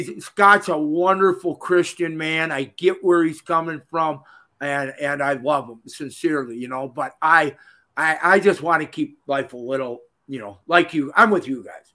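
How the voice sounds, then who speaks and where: A man, telling stories as a guest in a casual interview, folksy and animated, laughing often. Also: a little high. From Minnesota. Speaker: guest, retired pro wrestler.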